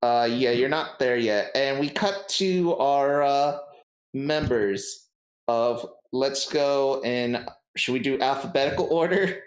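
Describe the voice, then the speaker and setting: Slow-paced male game master, halting narration, roomy sound. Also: medium pitch. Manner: hesitant, many ums and uhs, laughs easily. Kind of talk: narrating a tabletop game, casual.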